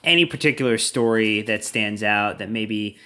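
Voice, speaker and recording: Bright-voiced man asking questions. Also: lowish voice, normal speed. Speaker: podcast host. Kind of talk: casual interview questions.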